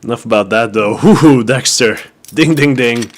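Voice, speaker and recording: An esports caster gives play-by-play commentary on a shooter match in a medium-pitched voice at normal speed. He's wry and rambling, packing in filler words, with faint background noise on the recording.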